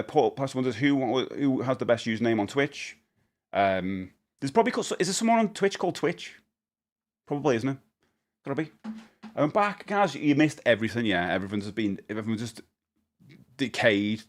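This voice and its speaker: A man, rambling cheerfully through a live-stream Q&A, reading out chat questions and laughing easily. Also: lowish voice. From England. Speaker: livestreamer.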